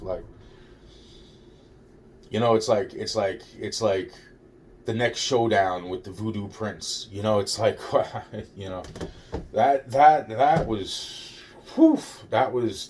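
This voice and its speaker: This vlogger's voice sits on the low side and sounds a bit mellow, with slight background noise. He meanders through a personal story full of heavy swearing, repetition, restarts and acted-out dialogue.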